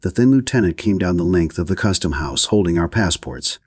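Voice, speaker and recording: A man narrating an audiobook in a plain, measured, understated way. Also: low-pitched, animated, darkish tone, husky, no room sound, clean studio sound.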